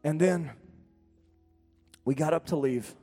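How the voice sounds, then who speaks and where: A middle-aged man, preaching a sermon as a lively storyteller, jumping to loud peaks and laughing between lines. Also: a little high, slow, soft background music. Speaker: pastor.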